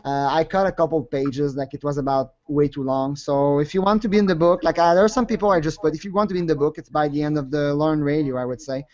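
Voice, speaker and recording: A man's voice: a little high, fast, few pauses, darkish tone. A man hosting a casual group call chat, laughing often and apologizing a lot. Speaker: show host. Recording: lo-fi call audio.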